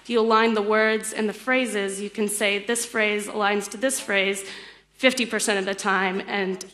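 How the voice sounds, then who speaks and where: A woman's voice: medium pitch, fairly even intonation, moderate pace, a bit bright. A young woman giving a technical lecture at a conference, explaining step by step with fillers and light laughs. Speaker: conference speaker. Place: lecture hall.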